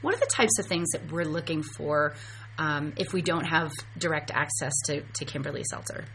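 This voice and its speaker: Woman host, lowish voice but bright and sharp, encouraging. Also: lively intonation, normal speed, a little hiss or hum. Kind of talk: casual interview.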